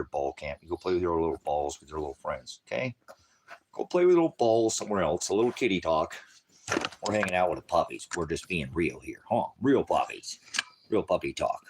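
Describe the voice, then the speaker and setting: Low-voiced guy on a livestream, jumpy sing-song delivery, rambles and jokes, talks baby talk to his dogs. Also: darkish tone, slight background noise. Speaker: livestream host. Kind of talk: casual livestream chat.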